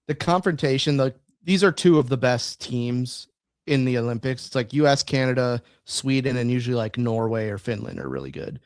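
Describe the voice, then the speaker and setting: Here a man co-hosting a podcast rambles through casual chat, full of fillers and false starts. His mid-range voice is expressive and moves at a normal pace, captured dry and at studio quality.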